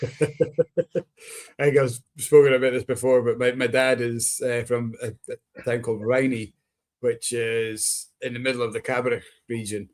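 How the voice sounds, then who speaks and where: Easygoing host on a video call. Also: male voice, mid-range voice, flat delivery, unhurried. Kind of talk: casual chat on a video call.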